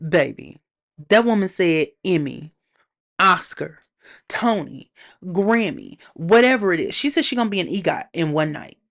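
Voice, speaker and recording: Woman host, solo review chat; animated, sassy delivery, slightly low voice. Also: normal speed, vocal fry. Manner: animated, sassy, playful slang. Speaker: TV show reviewer.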